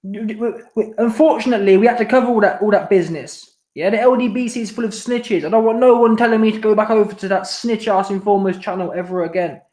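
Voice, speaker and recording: A man's voice: sits high, fast, hardly any pauses, a little mellow. A man hosting a casual live stream, reading out viewer messages in slangy, repetitive, laid-back banter. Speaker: boxing commentary channel host. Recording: roomy echo.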